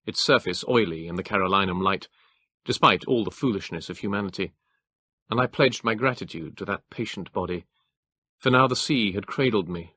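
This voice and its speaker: A man reading an audiobook in a measured, even storytelling manner. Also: on the low side, no echo. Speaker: audiobook narrator. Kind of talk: scripted audiobook narration.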